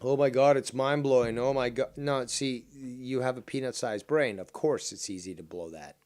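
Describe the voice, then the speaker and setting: A man's voice: mid-range voice, moderate pace, a little mellow, dry recording. A man hosting a live call-in show, mocking and insulting a rival in sarcastic commentary. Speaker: stream host.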